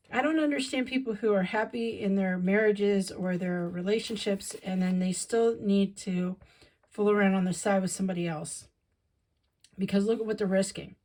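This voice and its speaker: A woman with a voice of everyday middle pitch talks her way through a tarot reading. She rambles and thinks aloud in a loose, chatty way, circling back over her own points. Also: normal speed. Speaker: tarot reader.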